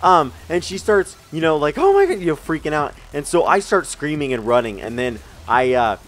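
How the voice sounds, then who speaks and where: A man's voice: fairly high pitch, moderate pace, a bit bright. A young man casually telling funny stories from his life, rambling with fillers and the odd swear word. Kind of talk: casual storytelling over gameplay.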